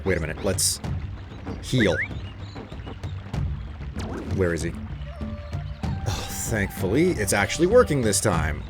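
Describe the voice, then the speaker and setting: A man casually commenting on his gameplay in a rambling, hesitant, wry way. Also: fairly low pitch. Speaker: let's play host. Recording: game music in background.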